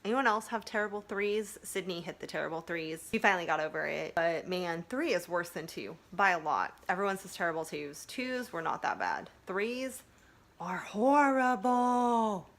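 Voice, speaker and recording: A woman's voice: on the low side, lively intonation, normal speed, a bit bright. A woman vlogging as a mom, chatting candidly to the camera at home and opening up about her feelings. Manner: open, confiding, talks about feelings. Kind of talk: candid vlog chat to camera. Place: family home.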